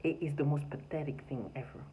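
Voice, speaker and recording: A man's voice: on the high side, fairly even intonation, fast, narrow, tinny audio, slight background noise. A man talking by his front door in an agitated, rambling vlog monologue, full of stammered restarts and bitter laughs. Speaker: vlogger.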